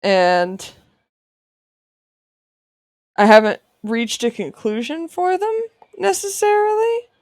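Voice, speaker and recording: A woman's voice: fairly high pitch, steady tone, slow pace, pauses often, a little mellow, no room sound, studio quality. A woman artist chatting casually while she draws on a livestream, playful and sarcastic, often laughing. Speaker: artist streamer. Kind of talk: casual chat while drawing on stream.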